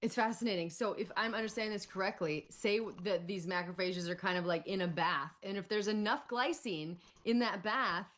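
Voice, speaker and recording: A woman's voice: mid-range voice, a little fast, few pauses, a bit bright. A woman interviewer who asks curious follow-up questions to check that she has understood the explanation.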